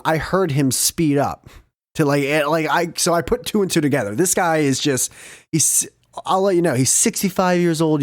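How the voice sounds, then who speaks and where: A man hosting a podcast, chatting in a loose, animated way with plenty of swearing and laughter. His voice sits a little high for a man, and the sound is close and dry. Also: no room sound. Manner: animated, profane, laughs often. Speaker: podcast host. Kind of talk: casual storytelling chat.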